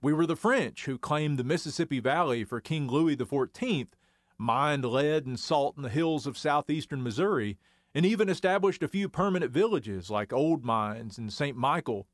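A man's voice: a little high, no echo, studio quality. Wry man reading an essay. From Arkansas Ozarks. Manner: storytelling, measured and wry. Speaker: historian essayist. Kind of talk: scripted radio essay reading.

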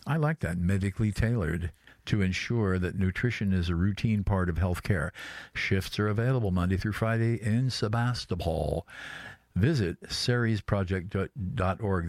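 Deep-voiced guy hosting a radio chat, rambly and halting, dry close sound. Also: a little mellow, dry recording. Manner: rambling, halting, many restarts. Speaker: radio host.

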